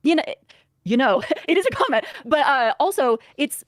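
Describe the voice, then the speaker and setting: Woman on a podcast, hesitant, lots of ums and restarts, kinda high voice, dry sound. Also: very animated, normal speed, dry recording. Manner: hesitant, many fillers and restarts, nervous laughs. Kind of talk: podcast discussion.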